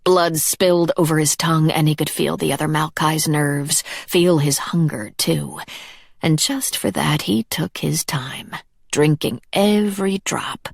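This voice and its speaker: A woman narrating a dark fantasy audiobook in a measured, even storytelling manner. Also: sits low, creaky, husky, dry recording, clean studio sound. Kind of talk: scripted narration.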